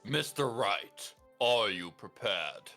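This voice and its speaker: A man voicing an older courtroom judge in a game playthrough, formal and measured. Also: fairly low pitch, animated, creaky, sharp tone, soft background music, heavily acted. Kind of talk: game voice-over let's play.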